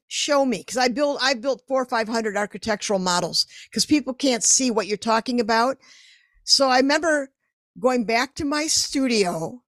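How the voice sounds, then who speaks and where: Animated woman artist telling stories. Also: fairly high pitch, no echo. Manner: animated storyteller, acts out her inner voice. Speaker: artist guest. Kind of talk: casual interview chat.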